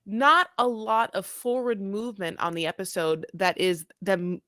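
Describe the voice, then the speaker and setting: Young female co-host, bright and forceful, dry close mic, animated gossip recap. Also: medium pitch, unhurried, no room sound. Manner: animated, acts out quotes, swears freely. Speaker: podcast co-host. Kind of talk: casual reality-TV recap chat.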